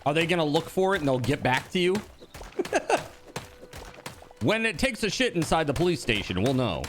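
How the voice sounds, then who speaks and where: A man with a slightly high voice streams from home, talking fast over a noisy background. He chats casually and reacts to viewers with animated disbelief, swearing now and then in this relaxed live-stream conversation.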